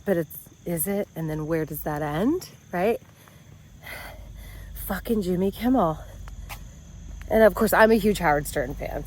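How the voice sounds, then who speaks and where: A woman's voice: lowish voice, darkish tone, a little hiss or hum. A middle-aged American woman giving a blunt, exasperated opinion vlog, swearing freely as she walks outdoors. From United States. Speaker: vlogger.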